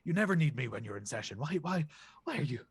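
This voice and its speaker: An actor playing a flustered, fussy male duck servant who rushes to please his king. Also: fairly high pitch, big pitch swings, gravelly, slightly rough, voice pushed up, full character voice. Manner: frantic, eager to please.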